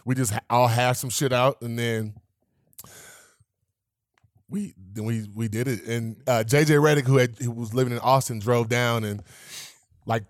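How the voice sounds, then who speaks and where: A relaxed man in his thirties, a guest in an interview, tells a story in a loose, profane way. He acts out the quoted lines with lively voices. His voice sits at a middle pitch and is recorded close and dry, with no room sound. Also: moderate pace, long pauses, no echo. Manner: laid-back, swears freely, acts out quotes, laughs while telling. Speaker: guest, professional athlete.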